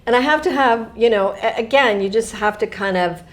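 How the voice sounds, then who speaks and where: Middle-aged woman author, casual and animated interview guest. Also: on the high side, brisk. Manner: animated, laughs often, talks in asides and restarts.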